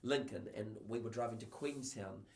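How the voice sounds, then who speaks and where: A man's voice: fairly low pitch, moderate pace, vocal fry. Kiwi guy in his 50s, chatty storyteller, does little voices for people, roomy sound. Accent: New Zealand. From New Zealand. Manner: lively storyteller who acts out quotes in voices. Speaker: guest, TV presenter and communication coach. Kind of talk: casual podcast conversation.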